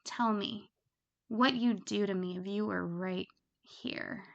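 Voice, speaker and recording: A woman voicing a sultry caller in a slow, breathy whispered role-play. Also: medium pitch, fairly even intonation, dull audio. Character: sultry soft-spoken woman on a call.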